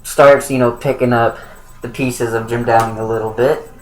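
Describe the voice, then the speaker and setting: A young man talks through a comic book review in a loose, off-the-cuff way. He hesitates, backtracks and fills gaps with "uh". His voice sits at an average pitch, with a faint hiss of ambient noise behind it. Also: steady tone, moderate pace, rough recording. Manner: rambling, with many fillers and self-corrections. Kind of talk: casual spoken review.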